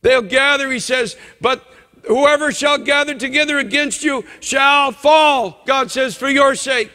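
A man preaching a fervent sermon as pastor, shouting and quoting scripture. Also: extremely high pitch, measured pace, long reverb tail.

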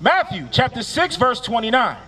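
A man reading Bible verses aloud slowly and solemnly for a street preacher. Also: very high-pitched, big pitch swings, bright, forceful tone, breathy edge. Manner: drawn-out, solemn reading cadence. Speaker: scripture reader. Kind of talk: slow formal Bible reading.

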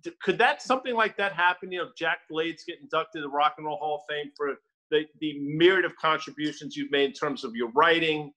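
A male co-host asks his question directly and earnestly. His voice sits a little high and sounds bright and forceful. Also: a little fast, low-quality recording. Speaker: podcast co-host. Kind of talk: casual interview chat.

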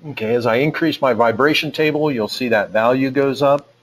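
A man's voice: medium pitch, a little fast, poor audio. A man presenting a technical webinar, walking through a live demo in a casual way with lots of fillers and restarts. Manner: casual, thinks aloud with many fillers. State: out of breath.

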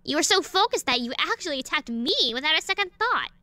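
A woman's voice: sits high, expressive, quick pace, sharp tone, no room sound. A woman playing a composed, firm young warrior in a fan audio drama, speaking in a matter-of-fact way.

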